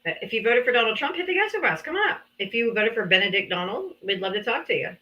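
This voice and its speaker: A woman's voice: on the high side, expressive, quick pace. A woman hosting a live political debate stream, talking casually in a teasing, sarcastic way and talking down to people in the chat. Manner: teasing, sarcastic, talks down to commenters. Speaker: livestream debate host. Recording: dull lo-fi stream audio.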